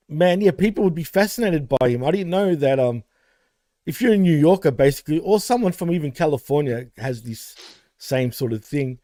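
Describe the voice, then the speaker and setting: Heartfelt rambling man, mellow voice. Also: on the high side, no room sound. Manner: heartfelt, rambling, many fillers. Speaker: podcast co-host. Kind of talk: casual podcast tribute.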